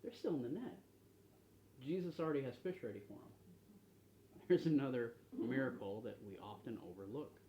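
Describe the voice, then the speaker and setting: A man's voice: medium pitch, moderate pace, pauses often, lo-fi sound. A man leading an informal Bible study in a conversational way. He reads scripture aloud and puts questions to the group. Faint room noise sits in the background. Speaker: pastor.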